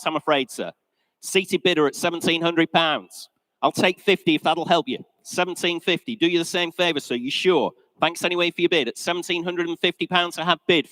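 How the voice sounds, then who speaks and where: A man with an English accent calling a live classic vehicle auction in a sale room, brisk and chatty, joking with the bidders. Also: fairly high pitch, sharp tone, no room sound, rough recording.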